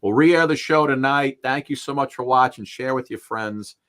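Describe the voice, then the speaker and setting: A man's voice: mid-range voice, normal speed, fairly bright tone. A man co-hosting a talk show, chatting loosely with fillers as he signs off and banters with a guest. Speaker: co-host. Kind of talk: casual chat.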